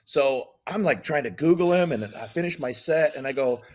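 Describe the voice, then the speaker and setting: In a casual interview, a middle-aged comedian guest tells animated stories, voicing each character's lines himself. His voice is a little high, and he keeps a moderate pace with hardly any pauses.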